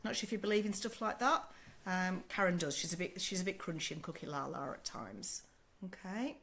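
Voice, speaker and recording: An older Australian woman, a sleep consultant, answering viewers on a casual live stream. She talks in a chatty, motherly way, calls people "love", keeps checking with "okay?", and her voice is still a little rough after a sore throat. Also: on the low side, brisk, fairly bright tone.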